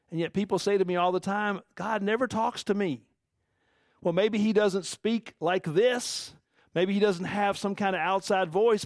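A male pastor preaching a sermon, animated and chuckling often, putting questions to his congregation. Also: sits high, no echo, clean studio sound.

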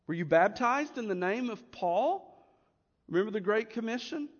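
A man with a high voice preaches a sermon, moving from loud emphasis to hushed, near-whispered asides. His voice rings out in a long, echoing hall. The recording sounds slightly muffled. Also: expressive, moderate pace. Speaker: pastor.

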